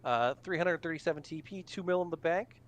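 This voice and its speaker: This is the same kind of laid-back hockey draft stream, where the male host announces picks with plenty of fillers. He speaks on the high side and fairly quickly.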